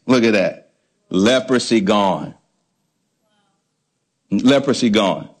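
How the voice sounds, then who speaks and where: A man preaching a sermon, stressing points by repeating words and asking the congregation questions. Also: mid-range voice. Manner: emphatic preaching with call-and-response questions. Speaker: pastor.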